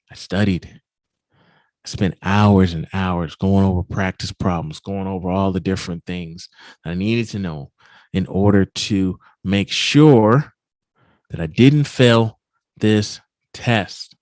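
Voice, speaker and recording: A man giving a keynote at a virtual summit, telling a personal story in an animated, emphatic way. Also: low voice, a little slow, no room sound. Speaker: keynote speaker. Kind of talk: storytelling talk.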